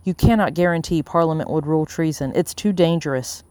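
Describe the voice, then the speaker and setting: Reader doing a curt, guarded colonial gentleman. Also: medium pitch, brisk, dry recording, natural voice. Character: wary wealthy colonial-era gentleman. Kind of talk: audiobook character reading.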